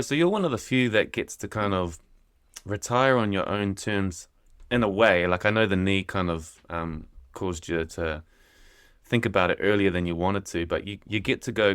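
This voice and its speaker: A New Zealand man with a low, deep voice hosts a relaxed podcast chat, easygoing and full of Kiwi slang. The sound is dry and close, with almost no room around him. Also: clear, resonant tone, no room sound. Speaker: podcast host. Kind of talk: casual conversational interview.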